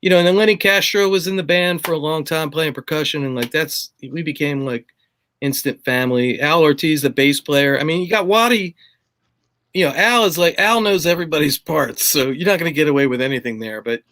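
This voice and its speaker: A man's voice: on the high side, brisk, fairly bright tone. A middle-aged man spins loose, rambling tour stories with a slightly raised voice. His talk is salted with curses and endless "like" and "you know". He sounds easygoing and unscripted. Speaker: drummer guest. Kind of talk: casual storytelling chat.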